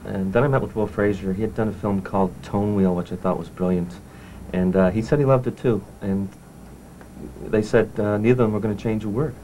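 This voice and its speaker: A man's voice: lowish voice, steady tone, fairly quick, warm tone, slight background noise, low-quality recording. A man as a screenwriter in a mockumentary interview, aggrieved and resentful. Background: faint music.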